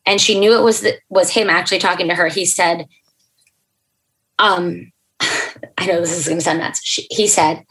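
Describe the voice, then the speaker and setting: A young adult woman, a podcast guest, telling an emotional personal story in an earnest, halting way, with fillers and restarts. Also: lowish voice, fairly even intonation, a bit bright, poor audio.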